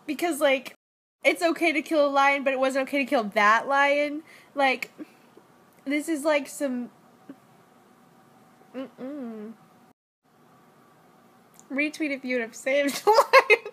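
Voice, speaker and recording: A young adult woman vlogs a casual selfie-story chat into her phone camera, rambling, joking, and saying "like" constantly. Her high-pitched, fairly bright voice moves slowly with long pauses.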